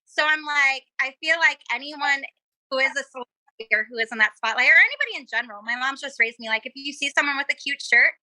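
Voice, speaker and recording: A woman's voice: high voice, animated, quick pace, sharp tone, no room sound. A woman guest chatting casually on a talk show, telling stories with lots of giggles and acted-out quotes. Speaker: podcast guest. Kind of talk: casual chat.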